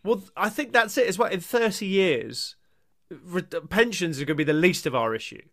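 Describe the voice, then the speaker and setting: A man's voice: sits high, animated, normal speed, fairly bright tone. A young man co-hosting a comedy podcast, teasing dryly in casual chat with loose, wandering sentences. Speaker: podcast co-host.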